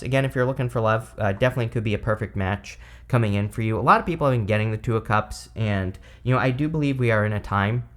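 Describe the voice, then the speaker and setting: A man giving a casual tarot reading, chatty and rambling with many fillers, who has the hiccups. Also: fairly low pitch. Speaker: tarot reader.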